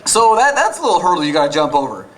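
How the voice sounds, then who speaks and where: A man's voice: on the high side, big pitch swings, racing, background noise. A young man doing a stand-up comedy set, acting out both sides of arguments with his wife. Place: comedy club stage. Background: audience laughter.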